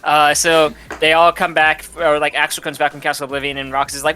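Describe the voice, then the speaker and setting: A man's voice: on the high side, monotone, quick pace, hardly any pauses, sharp tone. A man casually retelling a game's story, rambling and swearing, often laughing. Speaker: host retelling a game's plot. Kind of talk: casual drunk chat.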